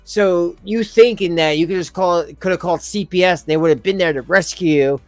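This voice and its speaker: A man's voice: high-pitched, a little fast, no room sound, soft background music. Sarcastic middle-aged man reacting. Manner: blunt, sarcastic, exasperated. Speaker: commentary channel host. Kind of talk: reaction commentary.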